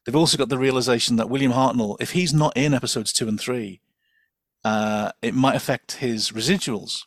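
A man on a podcast, chatting in an animated, digressive way. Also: mid-range voice, fairly quick, dry recording, clean studio sound. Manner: animated, digressive, many fillers and restarts. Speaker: podcast guest. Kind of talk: casual chat.

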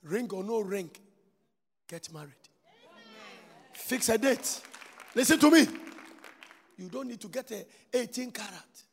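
A man with a Ghanaian English accent preaching a sermon as a prophet to his congregation. He swings from shouted declarations to hushed asides. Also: high-pitched, unhurried, gravelly, long pauses, slightly rough, some chatter behind. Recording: long hall reverb.

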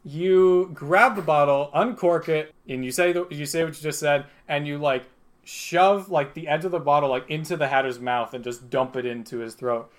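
A man's voice: on the high side, moderate pace. A young man narrating as game master, rambling with many fillers and chuckling as he goes.

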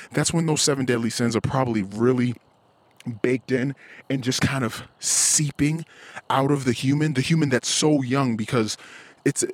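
A man's voice: medium pitch, breathy edge, no echo. Profane man ranting while walking outside. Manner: rambling, profane, frustrated; acts out quoted voices. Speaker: podcast host. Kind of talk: casual solo monologue. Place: outdoors, walking in a cul-de-sac.

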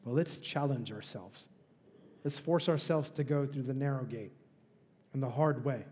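A man's voice: medium pitch, normal speed, darkish tone, in a large hall. A male pastor preaching a sermon in a conversational, emphatic way, with rhetorical questions. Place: church.

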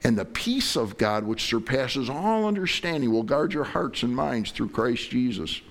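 A middle-aged male pastor delivering an impassioned sermon. His voice sits at an ordinary middle pitch, and he swings between quiet, tender asides and loud, rising declarations as he acts out prayers and God's replies. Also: expressive, a little slow, creaky. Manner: impassioned preaching, acting out prayers and God's words.

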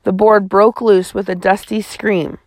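A woman's voice: mid-range voice, little pitch movement, a little slow, darkish tone, dry recording. A woman reading a chapter book aloud in a folksy first-person storytelling manner, close to the mic. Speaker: audiobook narrator.

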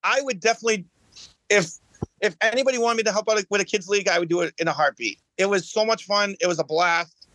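A man's voice: sits high, quick pace, a bit bright, no room sound. A man, a guest on a podcast, telling his story in earnest, often restarting and repeating words. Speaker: guest, bowling champion. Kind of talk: casual podcast chat.

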